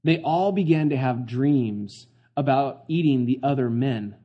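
A man's voice: medium pitch, measured pace, muffled recording. A man preaching a casual sermon in a conversational, slangy way, often asking the congregation questions. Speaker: pastor.

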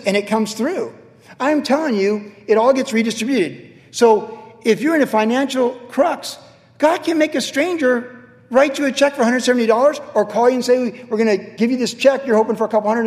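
High-voiced pastor preaching in a reverberant hall. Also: male voice. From California. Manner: animated storytelling with sudden jumps in pitch and volume. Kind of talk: sermon. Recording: long reverb from a large hall.

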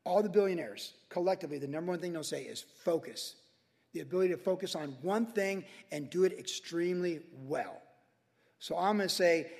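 High-pitched male pastor, emphatic sermon, repeats for punch, long hall reverb. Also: a little fast. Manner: emphatic, animated, repeats for stress.

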